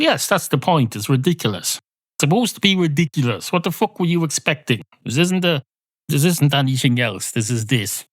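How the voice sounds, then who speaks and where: A man hosting a rambling solo comedy podcast, deadpan and absurd, swearing at imagined listeners. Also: medium pitch, no echo. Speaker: podcast host.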